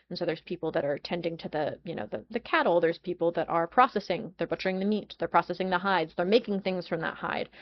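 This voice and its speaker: A woman's voice: lowish voice, highs cut off. A woman presenting a game world's lore in a chatty, casual way, full of fillers and restarts. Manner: chatty, many ums and restarts. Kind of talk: casual lore overview talk.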